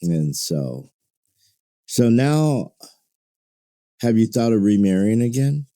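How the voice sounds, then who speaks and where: A man's voice: fairly low pitch, big pitch swings, takes it slowly, mellow, dry recording, clean studio sound. An older man hosting a podcast, talking in a rambling, chuckling, fatherly way. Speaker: podcast host. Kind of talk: casual podcast chat.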